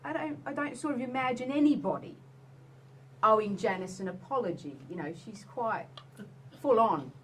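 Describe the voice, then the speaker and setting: A woman's voice: fairly high pitch, animated, normal speed, a bit bright, a little hiss or hum, pitched above the performer's own voice. A woman voicing a gossipy male shoe repairer at a bowling alley, with a put-on Cockney accent, heard from a live stage show recording.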